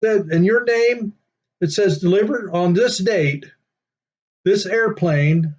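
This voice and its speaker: A man's voice: high voice, slow, a little mellow, pitched above the performer's own voice. A man voicing a prankster coworker who speaks in a mock-official, earnest tone. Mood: insistent. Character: prankster coworker, deadpan and insistent. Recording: dull lo-fi sound.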